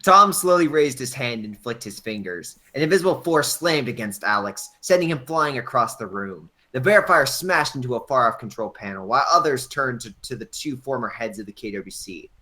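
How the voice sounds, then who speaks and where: Man, mid pitch, bright tone; casual stumbling narrator for a group script read. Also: expressive, a little fast, hardly any pauses. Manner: casual, stumbling reading with laughs and restarts. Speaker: narrator and reader. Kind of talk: reading a fan script aloud.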